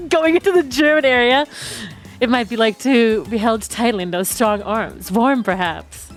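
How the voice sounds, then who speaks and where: A woman's voice: a little high, measured pace, soft background music. A woman streamer reading a game's story text aloud and cracking jokes between the lines, laughing often. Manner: playful, laughs often, breaks off to joke. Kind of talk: reading game text aloud with casual commentary.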